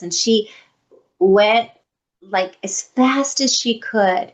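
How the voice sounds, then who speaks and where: A woman co-hosting a podcast, chatting in a heartfelt way and telling animated stories in which she acts out what other people said. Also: medium pitch, unhurried. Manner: animated storyteller who acts out quoted people. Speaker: podcast co-host. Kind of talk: casual heartfelt conversation. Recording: slightly dull lo-fi sound.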